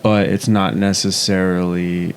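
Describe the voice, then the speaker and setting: A man with a very deep voice co-hosting a podcast, faint noise behind him. He talks loosely, circling and restarting his sentences as he thinks out loud. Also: flat delivery, measured pace. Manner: rambling, many fillers and restarts. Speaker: podcast co-host. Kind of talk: casual podcast discussion.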